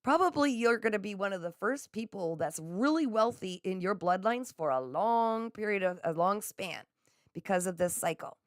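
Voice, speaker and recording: A woman's voice: medium pitch, animated, moderate pace, dry recording, studio quality. A woman giving a live tarot reading, effusive and encouraging, speaking straight to her viewers. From Canada. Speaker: psychic reader.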